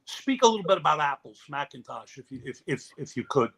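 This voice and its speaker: Gravelly bright-voiced man, hesitant. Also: a little high, sing-song, brisk. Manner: hesitant, stumbling questions. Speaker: co-host. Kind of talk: casual chat.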